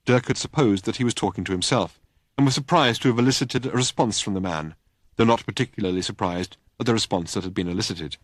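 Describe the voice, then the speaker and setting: A man narrating an audiobook in a wry, measured reading voice, recorded in a studio. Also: lowish voice, no echo.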